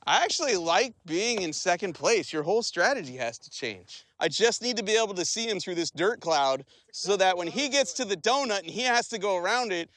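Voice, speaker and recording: Excitable high-voiced man commentating a race. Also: a little fast, few pauses, no echo. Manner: excitable, laughs often, exclaims. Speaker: show co-host. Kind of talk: excited in-car race commentary and casual chat.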